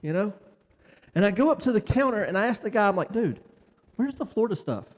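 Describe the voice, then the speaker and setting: A folksy male preacher from Tennessee with a fairly high voice, telling stories and acting out both sides of the conversations. His talk rings with a long reverb from the church hall. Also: brisk. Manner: folksy, animated, acts out dialogue. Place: church sanctuary.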